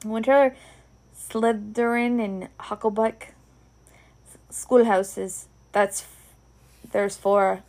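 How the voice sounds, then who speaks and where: A big, kindly Scots giant of a man, as a woman reader voices him rambles on in homely dialect. The voice is gravelly and unhurried, with a slow, patient pace. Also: mid-range voice, fairly even intonation, a little mellow. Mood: explaining. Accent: Scottish. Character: big gruff kindly male groundskeeper giant.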